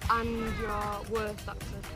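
Brisk woman street interviewer. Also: mid-range voice, monotone, music in the background. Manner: brisk, repeated questions.

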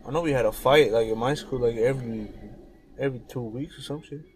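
A young man co-hosting a casual podcast. He jumps in with short, slangy remarks full of swearing. His voice has an ordinary male pitch. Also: a little mellow, rough recording. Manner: slangy, profane, quick interjections. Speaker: podcast co-host. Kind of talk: casual chat.

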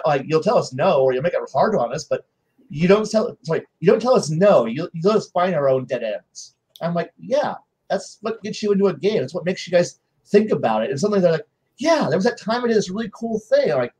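A man on a game-master panel telling stories about his players in casual chat, acting out their lines in quick voices. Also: high voice, a little mellow, breathy edge, poor audio.

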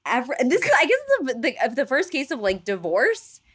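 A woman telling a story in casual chat, animated, full of fillers and casual swearing, acting out voices for the people in it. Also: sits high, brisk, breathy edge. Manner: animated storyteller, acts out quoted gods in playful voices.

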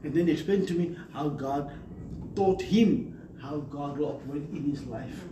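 A man's voice: on the high side, normal speed, noisy background. A man preaching a sermon emphatically, calling on the congregation for amens. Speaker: pastor. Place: church hall. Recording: echoey hall from far off.

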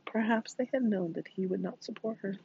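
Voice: medium pitch, a little fast, gravelly, slightly rough. A narrator reading a novel aloud in a dramatic way, often dropping into whispers, in a dull lo-fi recording. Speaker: audiobook narrator.

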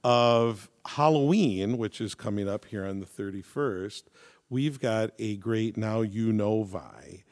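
A man co-hosts a relaxed talk show. His voice sits a little low. He chats easily and jokes as he tells a story. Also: takes it slowly. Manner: chatty, joking storyteller. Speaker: podcast co-host. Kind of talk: casual chat.

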